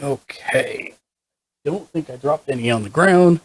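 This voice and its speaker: A man's voice: on the high side, a little slow, breathy edge, dry recording. A man hosting a live game stream, upbeat as he greets viewers and reads chat aloud. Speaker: streamer host.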